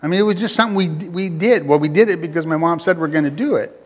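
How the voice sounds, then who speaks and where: A man's voice: a little high, fast. A male preacher giving a sermon in a conversational style, repeating phrases and joking with the congregation. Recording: long reverb of a hall.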